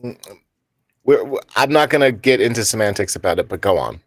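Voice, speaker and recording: A man's voice: on the low side, lively intonation, brisk, dry recording, studio quality. A man co-hosting a podcast, making wry, sarcastic quips in casual banter about a movie. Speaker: podcast co-host.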